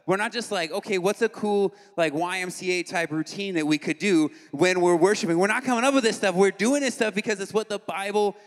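A young man giving a casual, animated youth sermon as a worship leader, conversational and full of slangy asides. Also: high-pitched, a little fast, few pauses. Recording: long hall reverb.

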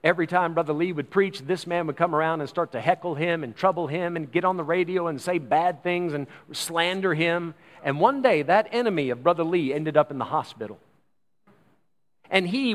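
A man preaching a sermon as pastor, emphatic, slowing down to stress key phrases and acting out the voices he quotes. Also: a little high, big-room sound.

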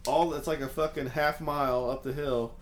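A young man spins a crude story in loose, swearing podcast talk, his pitch sitting in an ordinary middle range. He gets animated as he acts out each moment. A faint hiss of room ambience sits under his voice. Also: normal speed. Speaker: podcast guest. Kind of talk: casual storytelling.

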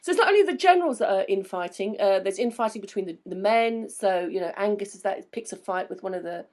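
A woman's voice: medium pitch, animated, a little mellow. A woman co-hosting a casual chat, musing aloud and finishing her partner's sentences. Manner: quick, chatty, muses aloud and finishes the other host's sentences. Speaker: podcast co-host. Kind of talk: casual chat recapping a TV episode.

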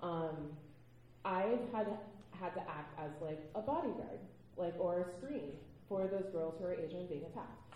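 A woman on a convention panel, telling blunt, animated stories and acting out what people said. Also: lowish voice, moderate pace, very echoey, highs cut off, a little hiss or hum. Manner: blunt, animated storytelling with acted-out quotes.

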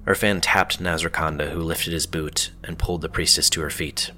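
A man narrating a fantasy story in a measured, steady storytelling manner. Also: a bass voice, faint music behind.

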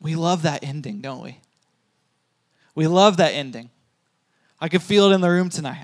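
A male pastor preaching a sermon, emphatic, repeating key phrases and swinging between loud and soft. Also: a little high, moderate pace, pauses often. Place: church hall with a congregation.

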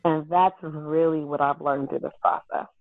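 A woman guest on a podcast, candidly telling a personal story in an earnest, animated way that often breaks into laughter. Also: low-pitched, normal speed, no echo. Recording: thin phone-like call audio.

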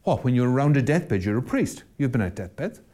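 Man, catholic priest on a podcast, preacherly rhetoric, voice swooping up and down, mellow warm tone. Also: medium pitch, very animated, brisk. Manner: rhetorical, preacherly, repeats phrases for emphasis. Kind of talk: impassioned podcast argument.

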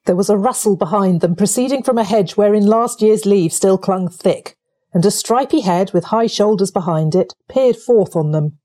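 A woman reading a children's story aloud, calm and measured. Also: medium pitch. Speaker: audiobook reader. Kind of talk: storybook narration.

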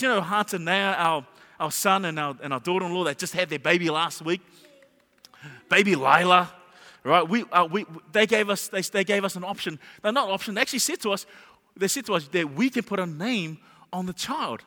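A middle-aged man preaching with a high, bright, ringing voice. He tells jokes and stories and asks the congregation rhetorical questions. His voice echoes through a large church hall with a long reverb. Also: brisk. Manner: humorous storytelling with rhetorical questions. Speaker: pastor. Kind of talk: sermon.

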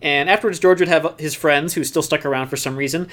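Brief: lower-pitched woman, podcast co-host, laid-back storyteller, dry and teasing. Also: fast. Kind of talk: casual chat, storytelling about film history.

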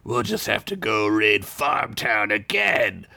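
A man voicing a gruff, bullying male knight sergeant with a gravelly, slow, taunting voice. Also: on the low side, very animated, sharp tone, no echo, exaggerated voice. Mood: menacing.

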